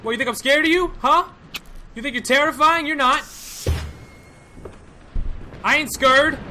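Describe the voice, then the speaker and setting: A man doing a let's play commentary on a horror game, jumpy, loud and joking as he shouts at what happens on screen. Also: very high voice, measured pace, long pauses, slight background noise. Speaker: gaming video host.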